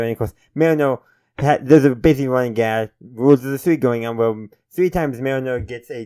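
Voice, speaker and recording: A man's voice: mid-range voice, warm tone, smooth, no room sound. A man hosting his own channel, casually reviewing a TV episode in a rambling, self-correcting way and chuckling now and then. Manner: friendly sign-off to viewers.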